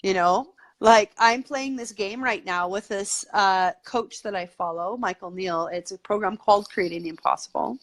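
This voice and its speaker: In a casual interview, a woman guest chats eagerly and at length, full of "like" and "you know." Her voice is medium-pitched, at a normal speed with few pauses.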